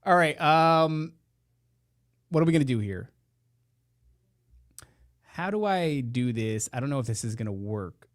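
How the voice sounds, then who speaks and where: A man's voice: mid-range voice, expressive, measured pace, long pauses, no echo. A man hosting a casual live podcast, ranting with profane, sarcastic jokes into a close mic while wearing headphones. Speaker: podcast host. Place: indoor room beside a meeting room. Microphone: headphones and close studio mic.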